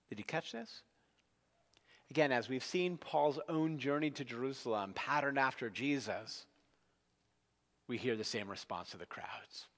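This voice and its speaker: A man preaching in a relaxed, storytelling way, his pitch swinging widely as he builds a scene for his listeners. His voice has a mid-range pitch, and a long reverb carries it through a large hall. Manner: conversational, storytelling, animated. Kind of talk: expository sermon.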